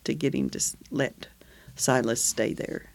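A man's voice: medium pitch, steady tone, unhurried, gravelly, slight background noise. A man with an Oklahoma accent chatting casually as a radio co-host, wry and bookish, with a teasing edge. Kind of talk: casual chat.

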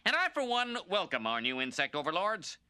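A smarmy cartoon news anchor. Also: male voice, high voice, sing-song, brisk, sharp tone, smooth, dry recording, studio quality, heavily acted. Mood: grave, fawning. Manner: dramatic, self-serving announcer delivery. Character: smarmy middle-aged male TV news anchor.

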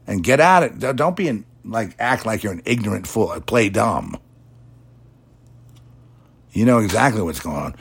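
A middle-aged man delivers a preachy monologue in a low, gravelly voice with a husky edge. His pitch swings widely as he rails and then mimics the people he argues against. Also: big pitch swings, moderate pace, pauses often. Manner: preachy, mocks imagined opponents in quoted voices. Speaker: podcast host. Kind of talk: religious commentary monologue.

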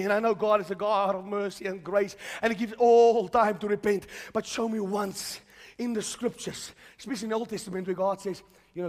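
A man preaching a charismatic sermon, moving from quiet storytelling to shouted declarations. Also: high-pitched, steady tone, a little fast. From South Africa. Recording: long hall reverb.

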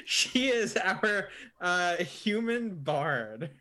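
A tired man player introducing himself in slow, laid-back casual chat. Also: high-pitched, sing-song, sharp tone.

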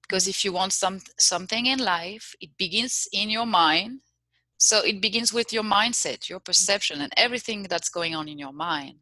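A woman's voice: mid-range voice, normal speed, bright, forceful tone, no room sound. A woman coach, a guest on a podcast, explaining her work earnestly. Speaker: mindset and manifestation coach, guest. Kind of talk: podcast interview.

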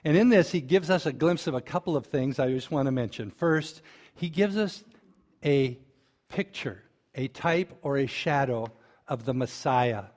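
A man preaching a sermon, retelling a story with lively asides to the congregation. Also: mid-range voice, normal speed. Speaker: pastor.

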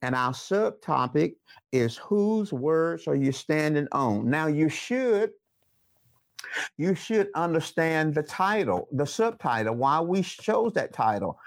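Gravelly, slow-preaching male pastor. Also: fairly high pitch, lively intonation, no echo, clean studio sound. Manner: repetitive, emphatic call-and-response preaching. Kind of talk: sermon teaching.

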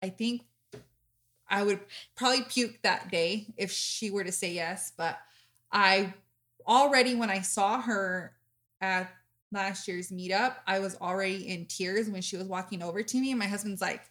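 A woman's voice: mid-range voice, moderate pace, a bit bright. A woman hosting a podcast in casual chat, chatty and gushing, with many fillers. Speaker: podcast host.

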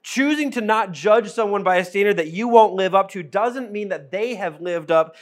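A man with a notably high voice preaches a casual sermon. He talks to the congregation like he is chatting with friends, slips into humorous storytelling, and repeats key phrases for emphasis. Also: moderate pace. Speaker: pastor.

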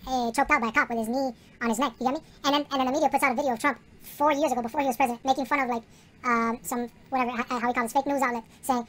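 A woman's voice: high voice, fairly even intonation, rapid-fire. A woman co-hosting a podcast in heated casual chat, who keeps asking "you get me". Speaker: podcast co-host.

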